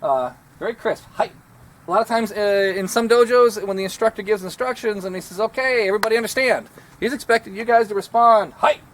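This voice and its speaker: A man's voice: sits high, fairly quick, slight background noise. A man, a martial arts instructor giving a rambling, self-deprecating outdoor lesson. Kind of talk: casual instructional talk.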